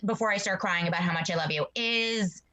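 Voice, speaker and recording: A woman's voice: medium pitch, fairly quick, sharp tone, low-quality recording. A woman co-hosting an interview podcast, effusive and rambling, full of asides, speaking over a video call. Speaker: podcast co-host. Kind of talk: casual interview chat.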